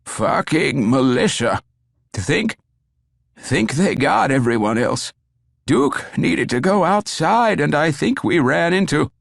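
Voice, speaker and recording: A man's voice: on the high side, big pitch swings, creaky, dry recording, studio quality, pitched above the performer's own voice, heavily acted. A man voicing a dying, wounded older man who speaks in strained, breathless pleas in an audiobook. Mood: dying, urgent. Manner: strained, slow and breathless pleading. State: fading and breathless. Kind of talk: audiobook character voice.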